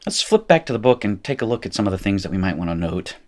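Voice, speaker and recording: Deep-voiced Appalachian man teaching. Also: big pitch swings, quick pace, a little mellow. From North Carolina. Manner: casual, self-correcting explainer who laughs at his slips. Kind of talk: recorded lecture.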